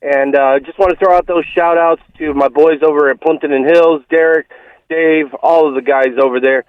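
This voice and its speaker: A chatty male caller rambles through shout-outs with lots of fillers. His slightly high voice comes through a muffled phone line, dry and close. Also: steady tone, normal speed, smooth, no echo.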